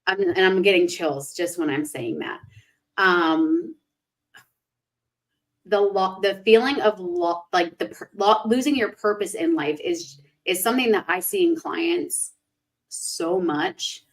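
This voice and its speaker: Animated woman hosting a livestream chat. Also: on the low side, takes it slowly, low-quality recording. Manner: animated, acts out quoted thoughts in a raised voice. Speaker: spiritual life coach and livestream host.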